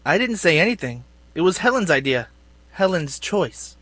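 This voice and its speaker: A man's voice: on the high side, big pitch swings, pushed and bright, dry recording, full character voice. An actor playing a smug young man who coldly taunts his former friend in a video game. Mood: taunting. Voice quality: cold, taunting, measured.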